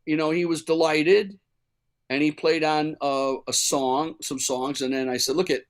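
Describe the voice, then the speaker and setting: A man's voice: on the high side, fairly even intonation, a little slow. A man from Chicago, a musician guest, telling stories in a casual interview with many fillers and restarts.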